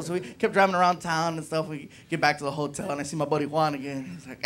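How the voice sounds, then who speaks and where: A man telling a story in a stand-up routine, animated and conversational. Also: fairly high pitch, fast. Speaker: stand-up comedian.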